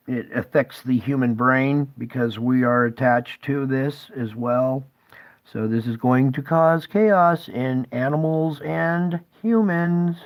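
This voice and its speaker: A man's voice: medium pitch, low-quality recording. A man hosting his own channel, speaking urgently and emotionally straight to his viewers, tearful at times. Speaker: channel host.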